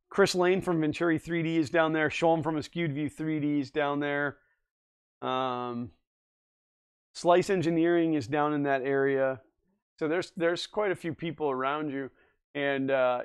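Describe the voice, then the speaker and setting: A man's voice: a little high, unhurried, clean tone. A man hosting a livestream, chatting casually and reading viewer comments aloud, easygoing and often laughing. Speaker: livestream host.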